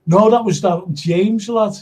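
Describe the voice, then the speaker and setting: A man's voice: high voice, unhurried, warm tone, poor audio. A man hosting a casual live football chat, rambling and reading out viewer comments. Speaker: host.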